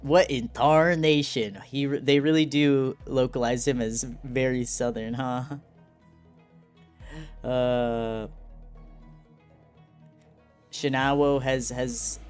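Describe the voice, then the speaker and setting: A man's voice: medium pitch, a little mellow, smooth. Playful sarcastic male game streamer. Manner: playful, sarcastic, laughs often. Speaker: streamer playing a story game. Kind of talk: casual gaming commentary.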